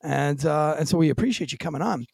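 A man's voice: a little high, fast, creaky, a little mellow, breathy edge, no echo, studio quality. A man hosting a podcast interview, chatting casually and telling stories with quoted voices. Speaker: podcast host.

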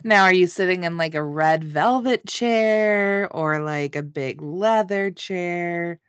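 A woman's voice: fairly low pitch, takes it slowly, smooth, no echo, muffled recording. A woman co-hosting a podcast, chatting casually about a show, giggling and swearing freely. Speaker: podcast co-host. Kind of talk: casual recap chat.

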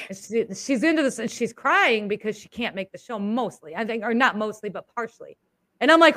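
A woman co-hosting a casual conversation, animated and candid, swearing freely and acting out what people said. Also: fairly high pitch, brisk, no room sound. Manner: animated, swearing, storytelling with acted-out quotes. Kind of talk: casual chat.

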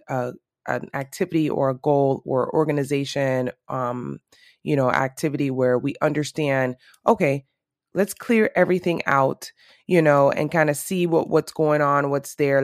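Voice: mid-range voice, normal speed, no echo, studio quality. A podcast host in a morning voice, talking casually and loosely to listeners with many fillers and restarts. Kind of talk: casual solo podcast talk.

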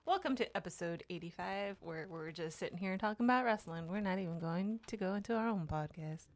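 A woman from the Baltimore area co-hosting a podcast, teasing her sisters in casual chat. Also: on the low side. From Baltimore, Maryland area. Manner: teasing and quick with jokes. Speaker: podcast co-host.

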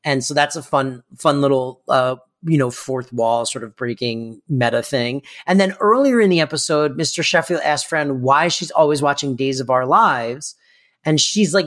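A man's voice: a little high, moderate pace, fairly bright tone. Chatty man explaining a sitcom joke. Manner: chatty, explains with frequent fillers. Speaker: podcast co-host. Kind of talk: casual TV recap chat.

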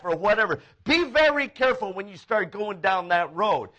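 Animated high-voiced male preacher. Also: normal speed. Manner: animated storytelling, acting out quoted voices. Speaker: pastor. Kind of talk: sermon.

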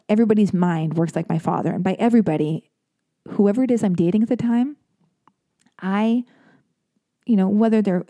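A woman hosts her own podcast in a casual, rambling monologue, tossing in self-deprecating jokes and plenty of ums. Her voice is mellow and warm, and the sound is dry and close with no room around it. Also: mid-range voice, dry recording. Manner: rambling and self-deprecating, full of fillers and jokey asides. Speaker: podcast host.

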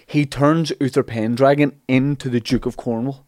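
A man retelling an old legend as comic chat, acting out the characters' lines in animated bursts. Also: medium pitch, normal speed, no echo. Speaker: podcast host telling a legend.

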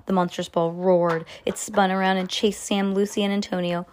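A woman reading a children's adventure book aloud at home, with lively, expressive reading and occasional stumbles she corrects herself. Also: normal speed, a little hiss or hum. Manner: expressive read-aloud with pitch jumps for dialogue; casual asides about the book. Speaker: reader.

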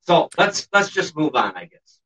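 A man's voice: a little high, very animated, moderate pace, bright, forceful tone. A man co-hosting a podcast, telling a story in a blunt, sarcastic way, swearing constantly. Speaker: podcast co-host. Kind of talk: casual podcast chat. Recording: dull lo-fi sound, distant from the mic.

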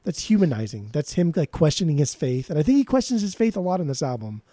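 Animated, swearing podcast co-host man. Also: on the high side, quick pace, dry recording, clean studio sound. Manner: animated, swears casually, jokey. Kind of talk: casual music podcast chat.

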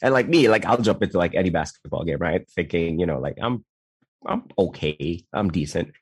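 A man's voice: deep voice, fairly quick, slightly rough, dry recording. A man from the Philippines, co-hosting a podcast, telling stories with laughter in casual chat. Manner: laughing, animated storyteller.

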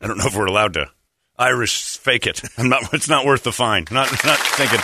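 A man's voice: medium pitch, fairly quick, a loud crowd, very noisy. A man hosting a morning radio show in casual chat, rambling and breaking off his own sentences as he tells stories. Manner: rambling, self-interrupting storyteller.

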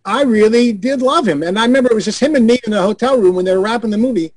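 An older man tells stories on a video call in a high, lively voice, cursing freely and acting out the people he quotes. The sound is dry, with no room around it. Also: quick pace, no room sound. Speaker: guest on a video call show. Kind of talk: anecdotal storytelling.

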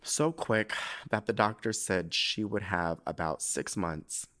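A man's voice: on the low side, slow pace. A young man hosting a podcast, chatting casually in a camp, swearing style and reading a listener's letter aloud, getting choked up. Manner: animated, camp, swears freely, gets emotional while reading. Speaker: podcast host.

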